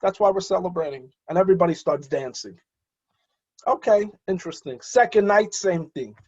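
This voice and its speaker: A rabbi telling a story in an animated way, pausing often with fillers and restarts, and acting out the voices of the people in it. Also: male voice, high-pitched, breathy edge, muffled recording. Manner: hesitant with frequent fillers and restarts. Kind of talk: storytelling talk.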